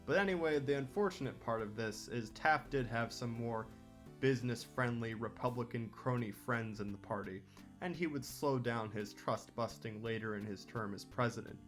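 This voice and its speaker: A man's voice: mid-range voice, moderate pace. Male history host, scripted commentary, wry opinionated asides, faint guitar music behind.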